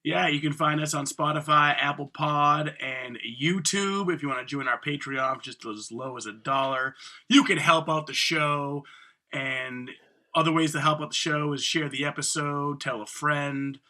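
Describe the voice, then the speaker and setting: Guy cohosting a comedy podcast, super bright tone, tosses out wisecracks and cusses a lot. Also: fairly high pitch, steady tone. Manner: joking, quick wisecracks, swears a lot. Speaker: podcast co-host. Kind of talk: casual comedy podcast chat.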